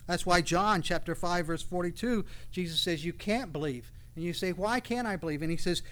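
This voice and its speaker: A man's voice: high-pitched, normal speed, few pauses, fairly bright tone. A man preaching a sermon, reading scripture aloud and building to passionate, raised outbursts. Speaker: pastor.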